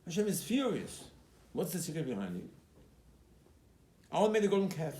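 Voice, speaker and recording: A man who is a rabbi, giving a Torah class as an animated storyteller who acts out quotes and repeats his key points. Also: fairly high pitch, moderate pace. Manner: emphatic, repeats key phrases. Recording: roomy recording with faint background noise.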